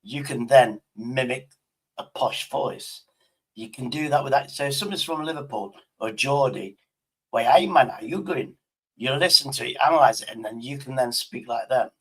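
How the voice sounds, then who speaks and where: Husky derbyshire bloke, bit drunk, rambling n swearing at an ai on his stream. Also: mid-range voice, normal speed, poor audio. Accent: Derbyshire English. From Derbyshire, England. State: tipsy. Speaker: live stream host. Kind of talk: casual chat with an AI.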